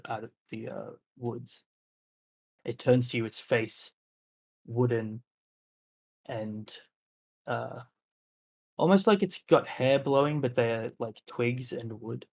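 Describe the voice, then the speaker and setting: A man's voice: mid-range voice, steady tone, slow, creaky, pauses often. A man running a tabletop role-playing game, narrating the scene in a descriptive way, with frequent "uh" and "like" fillers. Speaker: game master.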